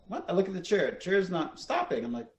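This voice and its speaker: Male podcast co-host, lively storyteller, slightly higher pitch, does the voices in his quotes. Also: quick pace. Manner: animated, acts out quotes, laughs often. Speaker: podcast co-host telling ghost stories. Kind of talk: casual storytelling chat.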